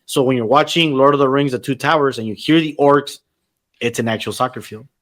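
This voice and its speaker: Excitable, profane man hosting a podcast. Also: mid-range voice, brisk. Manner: profane, excitable, mixes in Spanish phrases. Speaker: podcast host. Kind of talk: casual chat.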